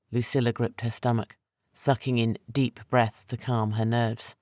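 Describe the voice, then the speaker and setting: A man narrating a historical fantasy audiobook in a steady, dramatic reading. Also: mid-range voice, measured pace, dry recording, clean studio sound. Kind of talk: scripted narration.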